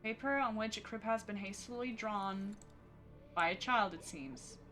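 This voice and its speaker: A woman streamer giving chatty, animated live commentary on a horror game. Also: mid-range voice, a little slow, music in the background. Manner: chatty and animated, reacting out loud.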